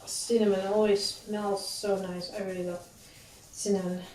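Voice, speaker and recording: A woman's voice: medium pitch, flat delivery, unhurried, mellow. Rambling woman in an echoey kitchen. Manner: chatty, rambling, self-deprecating asides. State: slightly out of breath. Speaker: cooking vlogger. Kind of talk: casual chat while baking. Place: home kitchen. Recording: echoey kitchen, distant mic, clattering dishes.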